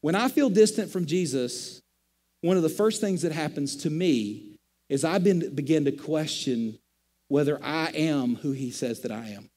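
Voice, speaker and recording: A middle-aged man, a pastor, preaching a sermon in a conversational, animated storytelling manner. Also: a little high, unhurried, long reverb tail.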